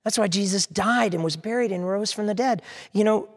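A man's voice: high-pitched, a little fast. A man preaching as a pastor, earnestly voicing the prayers and objections of his listeners as he goes. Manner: earnest preaching, quotes prayers and hecklers aloud. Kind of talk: sermon. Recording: long hall reverb.

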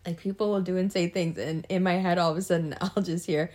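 A woman's voice: fairly low pitch, steady tone, darkish tone. A young adult woman talking casually to camera, laughing often and acting out people's reactions. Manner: laughs often, acts out reactions, drawn-out delivery. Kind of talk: casual monologue.

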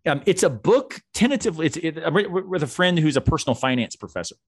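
Middle-aged man, animated storyteller. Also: on the high side, quick pace. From United States. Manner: animated storyteller, laughs often, frequent fillers. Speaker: philosophy professor guest. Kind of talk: casual conversational interview.

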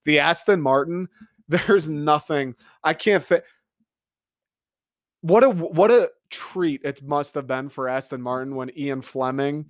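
A man's voice: on the high side, takes it slowly, clean studio sound. Guy doing a sweary hyped-up comedy rant, no room echo at all. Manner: excitable, profane, riffing with mock quotes. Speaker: comedic commentator.

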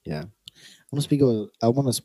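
A man's voice: mid-range voice, lively intonation, a little fast, mellow, breathy edge, no echo, studio quality. Playful young man. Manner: playful, teasing, laughs often. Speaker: podcast co-host. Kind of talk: casual chat.

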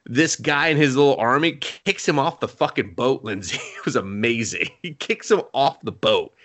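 A man's voice: mid-range voice, animated, a little fast, few pauses, a bit bright. A young man on a podcast, recapping an anime in casual, profane chat and acting out the characters' lines. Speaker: podcast co-host.

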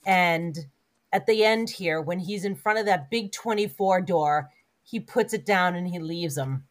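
A woman's voice: on the low side, unhurried. A woman co-hosting a casual movie review podcast, giggly and chatty with lots of fillers. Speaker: podcast co-host.

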